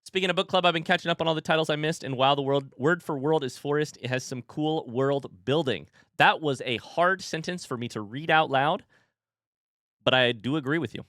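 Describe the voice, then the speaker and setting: A man's voice: fairly high pitch, fairly quick, fairly bright tone, dry recording, studio quality. A man in his thirties chatting casually on his live stream, rambling playfully and reading viewer comments aloud.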